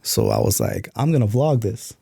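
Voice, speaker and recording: A man's voice: mid-range voice, animated, normal speed, gravelly, warm tone, husky, dry recording, studio quality. A middle-aged man, an author, telling stories in a laid-back casual interview. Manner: laid-back, acts out quoted voices in stories. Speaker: author and podcast guest.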